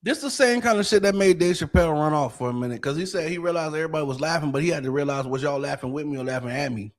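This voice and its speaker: A man co-hosting a podcast, giving casual political commentary in an animated, profane way full of rhetorical questions. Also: fairly high pitch, very fast. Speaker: podcast co-host.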